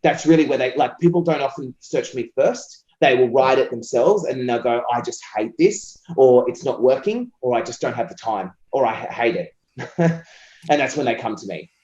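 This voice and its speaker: An Australian man talks eagerly and at length in a casual interview, often slipping into quick voiced asides as he plays out what clients tell him. His voice sits at a middle pitch. It comes through a dull, slightly muffled line with a roomy echo around it. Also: animated, a little mellow. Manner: passionate, talkative, acts out client quotes. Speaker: copywriter being interviewed.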